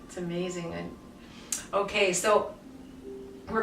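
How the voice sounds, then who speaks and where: A woman yoga teacher guiding a somatic movement class with soft, soothing cues. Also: medium pitch, lively intonation, slow, long pauses. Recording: echoey room, mic far off, faint music.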